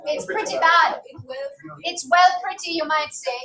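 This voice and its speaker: A woman's voice: very high voice, steady tone, unhurried, a crowd in the background. A woman giving a university lecture in a classroom, chatty and often checking that the class agrees. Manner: conversational, asks the class for agreement. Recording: echoey room from far off.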